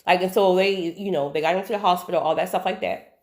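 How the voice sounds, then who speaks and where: This woman's voice is lowish and fast as she shares a personal story directly with the viewer. The monologue is casual and animated, with words frequently repeated for emphasis.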